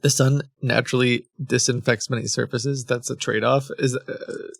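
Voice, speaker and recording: A man's voice: medium pitch, little pitch movement, moderate pace, creaky, dry recording. A man streaming live, chatting casually into a close desk microphone, joking and laughing often as he talks.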